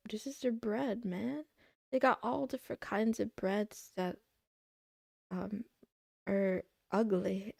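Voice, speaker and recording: A young woman streaming, chatting casually and rambling as she browses, thinking out loud and trailing off. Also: medium pitch, vocal fry, no room sound, clean studio sound. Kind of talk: casual livestream chat.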